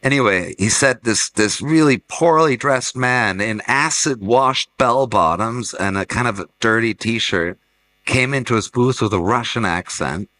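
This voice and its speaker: The low-quality audio captures a middle-aged man with a medium-pitched, sharp voice speaking unhurriedly. A gallerist and fair director, he rambles through anecdotes in a casual panel talk, often starting his sentences over.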